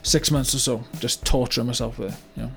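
An actor playing a remorseful older British business owner in a comedy monologue, with a rambling delivery full of "you know" and "right?". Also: male voice, medium pitch, steady tone, quick pace, creaky, a bit bright, faint music behind. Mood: rueful. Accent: British English. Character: remorseful older male car yard owner, blunt. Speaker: business owner telling a story. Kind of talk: mock-documentary comedy monologue.

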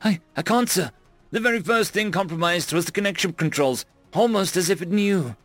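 A man's voice: high voice, fairly quick, fairly bright tone, no echo, soft background music, pitched above the performer's own voice. A man voicing a nervous, stammering IT tech aboard a starship. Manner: stammering, hesitant.

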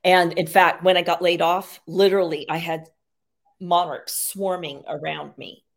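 A woman's voice: lowish voice, fairly even intonation, unhurried, vocal fry. A woman guest, an animal communicator and medium, telling stories in a rambling, casual way with frequent fillers. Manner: rambling, filler-heavy, frequent "you know". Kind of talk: casual storytelling interview.

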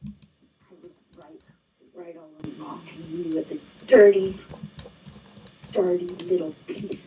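A man's voice: high voice, big pitch swings, measured pace, dark tone, distant mic, a little hiss or hum, heavily acted, poor audio. A man playing a frightened young friend who is running at night, talking urgently over the phone and out of breath. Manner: breathless, urgent, whispering at times.

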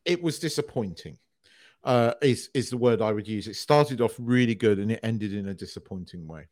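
A man co-hosting a podcast in casual chat, animated, swearing freely and restarting his sentences often. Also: lowish voice, moderate pace, no echo, clean studio sound. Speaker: podcast co-host.

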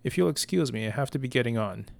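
A man's voice: mid-range voice, expressive, fast, vocal fry. A man voicing a frail, chatty old male messenger with a folksy, fussy, nervous way of talking.

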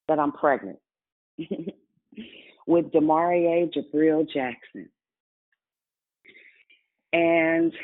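Woman preacher, testimony sermon, chatty and direct, tinny lo-fi audio. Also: low voice. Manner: conversational, addresses congregation directly. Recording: tinny phone-like sound.

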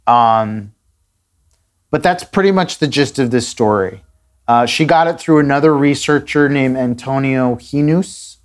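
A podcast host with a mid-range voice casually retells a strange story, using dramatic pauses and a few fillers.

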